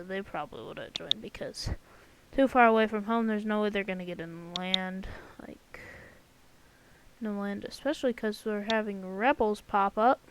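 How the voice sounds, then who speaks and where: A woman's voice: mid-range voice, background noise. A woman giving casual, rambling commentary over an alternate-history map, joking and full of fillers and sound effects. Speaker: channel host.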